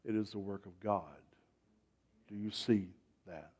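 Slow, emphatic male preacher. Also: on the low side, steady tone, dull audio. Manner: emphatic preaching, swells from hushed to loud; repeats phrases, calls for amen. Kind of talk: sermon.

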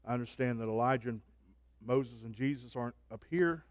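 A man preaching a sermon, swinging from soft, low asides to loud, rising proclamations. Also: brisk, dry recording.

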